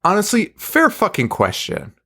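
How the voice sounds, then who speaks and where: High-pitched and swinging hugely in pitch, this man chats casually on his podcast at normal speed, recapping with plenty of profanity and frequent laughter. His wry voice sounds a bit bright, and the audio is slightly rough.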